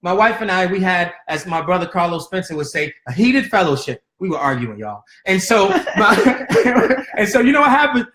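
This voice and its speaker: A man in his thirties with a notably high voice gives relationship advice in a preacher's cadence. He speaks straight to his listeners and hammers his points home through repetition. The room around him sounds echoey. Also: very animated, normal speed, pushed and bright. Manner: emphatic, addresses listeners directly, repeats points. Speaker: co-host giving relationship advice. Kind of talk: preaching-style relationship talk.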